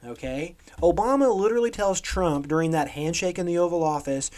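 Fairly quick and on the high side, his voice carries a darkish tone. He's a podcast co-host sounding off about the news, sarcastic and emphatic, with a habit of ending thoughts with "okay?"

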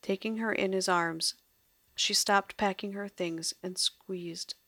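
A woman narrating an audio drama in a measured storytelling way. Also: mid-range voice, steady tone, bright, forceful tone, no room sound.

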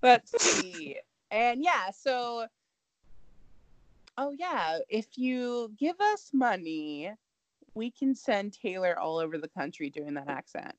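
A young adult woman co-host with a bubbly, exclaiming delivery, her pitch swinging up and down a lot. Casual podcast chat, recorded close and dry. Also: expressive, slow, no room sound.

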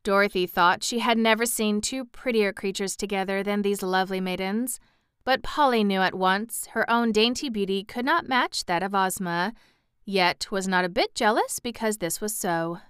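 A woman narrating a children's storybook in an even, expressive reading. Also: mid-range voice, clear, resonant tone, dry recording, studio quality. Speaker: audiobook narrator.

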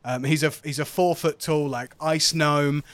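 A man's voice: on the high side, steady tone, a little slow, clear, resonant tone, dry recording. Man narrating a tabletop game. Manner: descriptive, lists scenery, chatty asides. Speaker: game master.

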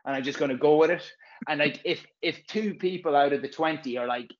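A man's voice: fairly high pitch, a little fast, dull audio. A man, a physio course presenter, chatting casually and frankly, rambling and swearing freely. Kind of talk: casual podcast chat.

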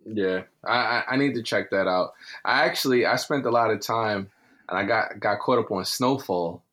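A man co-hosting a podcast in casual, slangy chat, often pausing to search for words. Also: lowish voice, fairly bright tone. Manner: slangy, hesitant, loses his words. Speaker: podcast co-host.

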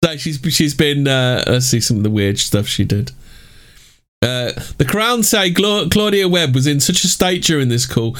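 A man's voice: on the high side, animated, moderate pace, fairly bright tone. A man hosting a crude casual chat, reading out news with sarcastic asides and frequent laughs. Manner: laughs often, reads headlines aloud with sarcastic asides.

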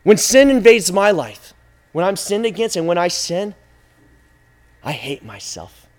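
High-voiced man preaching with passion. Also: normal speed. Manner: impassioned, repetitive, swings from hushed to loud. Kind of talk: sermon.

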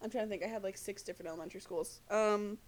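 A woman's voice: medium pitch, very fast. A young woman co-hosting a podcast, telling stories in casual chat with frequent laughter and swearing. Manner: animated, swearing, laughing storyteller. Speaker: podcast co-host.

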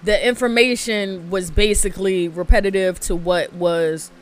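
A podcast co-host explaining events in a steady, storytelling way during casual chat. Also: medium pitch, moderate pace.

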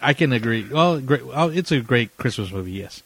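A man's voice: mid-range voice, lively intonation, normal speed, a bit bright, husky, dry recording. A man co-hosting a podcast in casual chat, rambling with lots of fillers and frequent laughter. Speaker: podcast co-host.

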